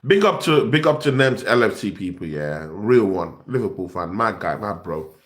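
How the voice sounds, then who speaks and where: A man's voice: on the low side, very animated, normal speed. A young man, host of a football fan channel, ranting in exasperation and repeating himself. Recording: echoey room.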